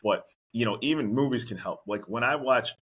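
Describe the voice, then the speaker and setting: A man hosts a casual podcast interview, rambling in a chatty, respectful way. He talks fast in a slightly husky voice. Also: mid-range voice, a bit bright. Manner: chatty, rambling, respectful, quick agreeing fillers. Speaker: podcast host.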